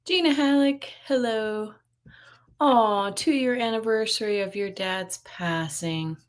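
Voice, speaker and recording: A woman's voice: a little high, slow pace. A middle-aged woman hosting a psychic live stream, chatting casually and greeting viewers by name. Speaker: psychic livestream host.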